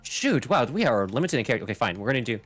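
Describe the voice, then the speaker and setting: A man's voice: mid-range voice, racing, faint music behind. A man chatting and laughing with friends during a casual gaming stream. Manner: chatty, laughs often, lively.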